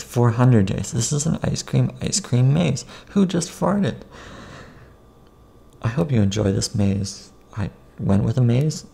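Slow, gravelly man reading a silly picture book. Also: medium pitch, dark tone. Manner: playful, sing-song, chanting silly rhymes. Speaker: author reading his own picture book. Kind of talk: reading a children's picture book aloud with asides.

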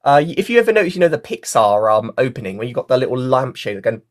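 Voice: mid-range voice, big pitch swings, quick pace. A workshop facilitator giving a casual online lesson, talking into a mic with a fluffy cover and often using fillers like "like" and "you know". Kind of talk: casual online workshop teaching, reading out chat comments. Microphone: mic with a fluffy foam cover.

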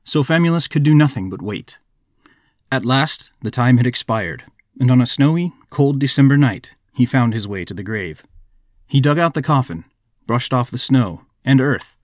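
A man's voice: medium pitch, dry recording. Man narrating a folk tale, dry close sound. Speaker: podcast host.

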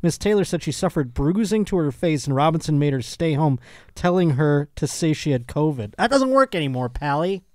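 A man's voice: fairly high pitch, moderate pace, dark tone, no room sound. A man hosting a casual comedy podcast, reading news stories aloud and breaking off for jokey asides. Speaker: podcast host.

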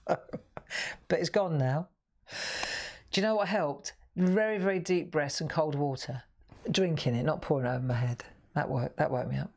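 Chatty low-voiced woman in her sixties. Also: moderate pace, darkish tone. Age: 60s. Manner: chatty, rambling, self-interrupting. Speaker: craft show host. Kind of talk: live crafting demonstration chat.

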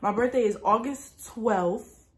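A lifestyle vlogger in her early twenties from New Jersey tells a story slowly in a slightly high voice. Her retelling is casual, chatty, and dramatic, packed with "like" and other fillers.

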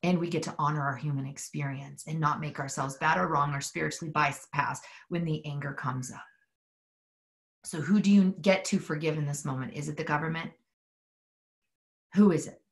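Low-pitched and steady, with vocal fry, the woman speaks at a normal speed. She leads a guided spiritual session from a mountain home, sounding heartfelt and close, dropping swear words freely and calling out prayers for others to answer.

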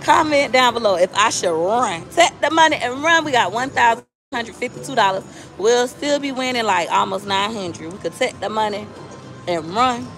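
A woman's voice: on the high side, normal speed, fairly bright tone, faint music behind. A woman gambling on a live stream in a casino, coaxing the slot machine and chatting with her viewers. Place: casino floor.

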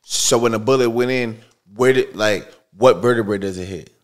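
A man's voice: mid-range voice, moderate pace. A man hosting an interview, asking short, probing questions and giving brief backchannels. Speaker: interviewer host. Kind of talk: conversational interview.

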